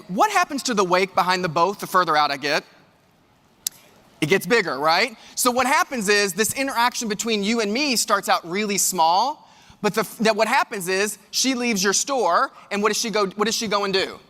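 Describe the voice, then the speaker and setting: Bright-voiced keynote speaker, man. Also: high-pitched. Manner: animated, addresses the audience directly. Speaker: keynote speaker and leadership coach. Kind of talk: motivational keynote storytelling. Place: large event hall. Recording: reverberant live hall.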